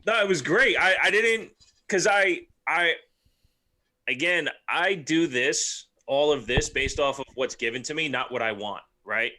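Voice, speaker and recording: A man's voice: fairly high pitch, measured pace, pushed and bright. A man co-hosting a casual wrestling podcast, laid-back and rambling, swearing casually. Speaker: podcast co-host.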